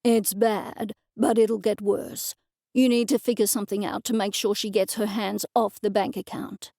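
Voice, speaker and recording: A woman voicing a calm, professional male accountant who speaks in a measured way. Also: medium pitch, creaky, no echo, clean studio sound. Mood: level. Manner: measured and matter-of-fact.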